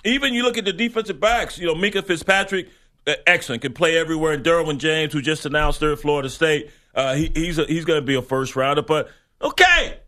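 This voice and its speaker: A man's voice: a little high, lively intonation, fast talker, pushed and bright. A man co-hosting a casual sports talk show, rambling through player picks with many stops and restarts.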